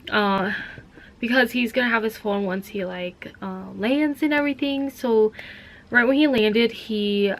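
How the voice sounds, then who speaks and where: A woman's voice: fairly high pitch, measured pace. A young woman from Minnesota talking casually to camera in a vlog, rambling with lots of "like" fillers. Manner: rambling, heavy use of "like". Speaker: vlogger. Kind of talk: casual chat.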